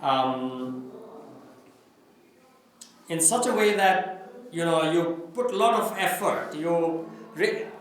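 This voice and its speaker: A man, teaching an English class, explaining a story slowly and asking his students questions. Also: fairly high pitch, slight background noise. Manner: mixes in Nepali now and then. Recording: very echoey classroom, distant mic.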